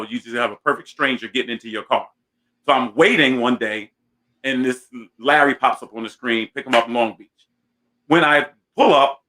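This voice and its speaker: A man in his thirties hosts a talk show and tells a long comic anecdote. He sounds animated and self-mocking, with a bright, tense voice at a middle pitch. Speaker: host.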